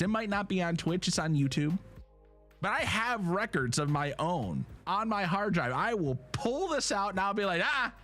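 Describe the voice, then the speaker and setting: A male streamer chats and jokes straight to his viewers while he plays, his pitch bouncing lively up and down. His voice sits a little high for a man. Soft music plays faintly underneath. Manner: animated, joking, talks straight to chat. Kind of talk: casual chat while live-streaming a game.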